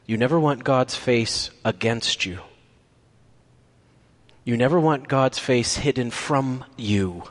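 Slow, emphatic male preacher in a reverberant hall. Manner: emphatic, rising in pitch on repeated phrases, dropping to near-whispers on key words. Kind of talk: sermon. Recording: long reverb from a large hall.

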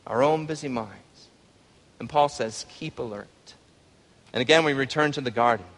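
A male pastor preaching a sermon, swinging from hushed reflection to loud, pleading cries. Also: mid-range voice, normal speed. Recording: long hall reverb.

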